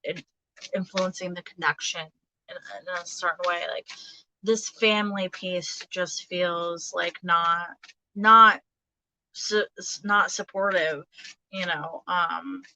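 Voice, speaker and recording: A woman in her thirties giving a casual tarot reading, halting and hesitant, with many fillers and restarts. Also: fairly low pitch, steady tone, sharp tone, a little hiss or hum, low-quality recording. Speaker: tarot reader.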